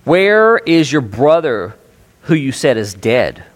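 A man's voice: mid-range voice, lively intonation, unhurried, pitched above the performer's own voice. A man voicing Joseph, a grown man pressing his brothers with insistent questions. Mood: demanding.

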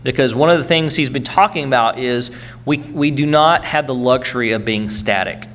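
A man's voice: medium pitch, moderate pace, fairly bright tone, slight background noise. A man preaching a sermon earnestly, urging his congregation and checking in with frequent "okay?" tags.

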